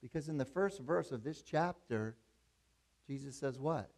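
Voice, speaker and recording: A man's voice: medium pitch, unhurried, darkish tone. A man, the pastor, preaching a sermon in a conversational storytelling way that builds to emphatic preaching.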